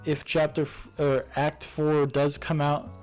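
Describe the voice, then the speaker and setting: A man's voice: on the high side, completely flat delivery, a little slow, darkish tone, faint music behind, rough recording. A young man casually reviewing a game series, rambling with many fillers and restarts. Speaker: YouTuber reviewing games.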